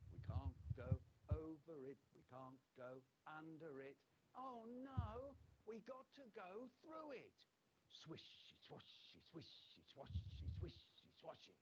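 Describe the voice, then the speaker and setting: Male author reading aloud, slow and sing-song, chanted effects, light hiss. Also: medium pitch, a little mellow, muffled recording. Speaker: author reading his picture book. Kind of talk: animated storybook performance.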